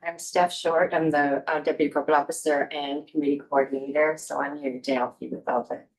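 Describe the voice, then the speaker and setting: A woman's voice: low voice, level tone, a little fast, husky, low-quality recording. A woman who coordinates a municipal committee, introducing herself in an upbeat way.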